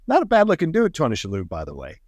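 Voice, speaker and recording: A middle-aged man chats about movies and poses probing questions, his voice swinging up and down with lively pitch. His sound is dry and close. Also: fast, dry recording. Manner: chatty, asks probing questions. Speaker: podcast co-host. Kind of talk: casual film discussion.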